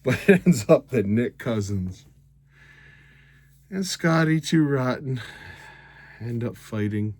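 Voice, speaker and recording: A man's voice: mid-range voice, lively intonation, slow pace, pauses often, a little mellow. Sarcastic man ranting. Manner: sarcastic, rambling. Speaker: host. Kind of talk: casual hockey recap rant.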